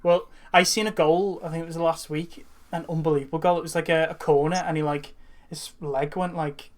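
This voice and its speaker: A man co-hosting a podcast in casual chat, chatty, with quick interjections. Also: fairly high pitch, fairly even intonation. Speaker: podcast co-host.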